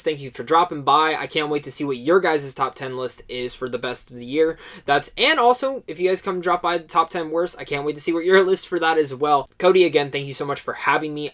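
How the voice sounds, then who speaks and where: Mid-pitched male guest reviewer, gushing and repetitive, casual film chat. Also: fairly bright tone. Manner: effusive, repeats himself for emphasis.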